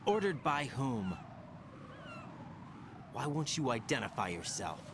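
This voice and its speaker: A wary young male operative who speaks in a guarded, skeptical way, and whose pitch rises and falls with each challenging question. There is clear noise in the game audio behind him. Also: sing-song, takes it slowly, reverberant. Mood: suspicious. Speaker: soldier protagonist in a video game.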